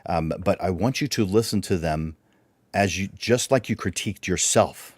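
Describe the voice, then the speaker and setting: Low-voiced man teaching a workshop. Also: moderate pace, slightly rough, no echo. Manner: instructive, poses many rhetorical questions. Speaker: workshop presenter. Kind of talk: livestreamed speaking workshop.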